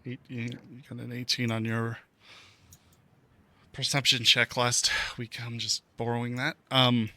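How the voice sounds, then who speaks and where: Male game master, slow and hesitant, bright dry voice, lots of ums. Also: mid-range voice, flat delivery, dry recording. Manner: hesitant, many fillers. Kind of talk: narrating a tabletop game.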